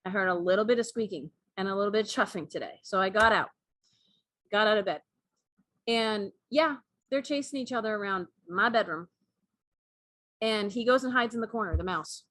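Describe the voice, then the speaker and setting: A woman co-hosting a chat show, telling a story in a casual, animated way and laughing often. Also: medium pitch, moderate pace, long pauses, no room sound. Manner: animated, laughing, acts out cat and mouse voices. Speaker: podcast co-host.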